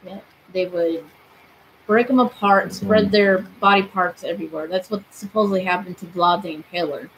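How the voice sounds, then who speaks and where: A woman's voice: lowish voice, moderate pace, a bit bright, slight background noise, low-quality recording. A woman in her twenties streaming from her bedroom, chatting casually and asking spirits questions aloud. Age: 20s. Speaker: paranormal streamer. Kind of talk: casual live-stream chat.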